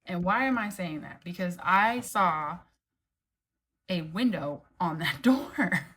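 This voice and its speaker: A woman chatting to camera in her house, spinning a strange personal tale. Her pitch leaps up and down as she tells it, loose and casual, peppered with fillers and swearing. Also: slow pace, slightly rough. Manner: animated, expressive, with frequent "like" and "right?" and casual swearing. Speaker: vlogger telling a personal story. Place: indoors at her home.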